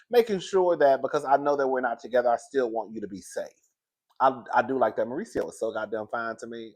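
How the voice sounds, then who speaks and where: A man in a casual, gossipy chat recapping a reality show, animated and laughing often, speaking. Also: a little high. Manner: chatty, gossipy and animated, laughs often, says "girl" a lot.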